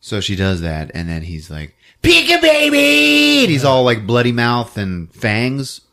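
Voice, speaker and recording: A man hosting a podcast, recapping a movie as an animated storyteller who laughs often. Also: on the low side, a little slow. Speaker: podcast host.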